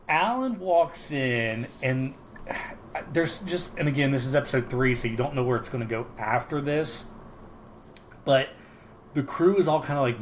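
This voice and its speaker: A man's voice: medium pitch, slight background noise, rough recording. A man co-hosting a podcast, casually recapping a sitcom episode, rambling with many ums and frequent laughs. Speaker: podcast co-host.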